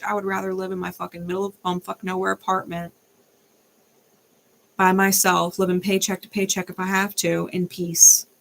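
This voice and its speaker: A young adult woman delivers a fired-up, unscripted monologue, swearing freely and talking bluntly. Her voice has a gravelly, fry-edged texture at a middle pitch. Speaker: tarot reader.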